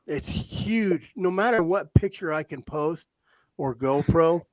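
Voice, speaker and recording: A man hosting a casual talk show, telling rambling, animated hunting stories with frequent restarts. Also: fairly high pitch, slow, no echo. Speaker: podcast host, hound hunter. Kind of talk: casual storytelling chat. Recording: dry close-mic sound.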